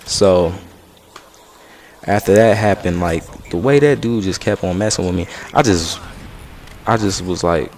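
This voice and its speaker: A young man in his late teens tells a story to the camera in loose, slangy talk. His voice sits low. Faint room ambience hums under him. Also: a little slow, long pauses, slight background noise. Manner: slangy, animated retelling with acted quotes. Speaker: vlogger telling a story. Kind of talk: casual storytelling.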